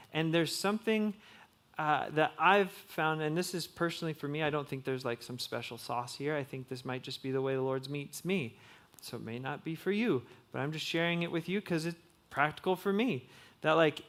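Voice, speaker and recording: A young man delivers a relaxed, chatty sermon to a young adult group. His voice sits a little higher than most men's. He talks loosely, peppering his points with "like" and "um" and restarting sentences as he goes. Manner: conversational, many fillers like "like" and "um". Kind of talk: casual sermon.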